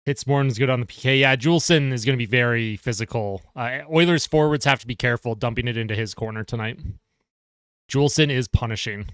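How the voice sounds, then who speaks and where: Smooth-voiced man chatting on a live stream. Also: medium pitch, fast talker, fairly bright tone, no room sound, studio quality. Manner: chatty, reads chat aloud and answers viewers. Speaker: live streamer reacting to a hockey game. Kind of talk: casual live-stream commentary.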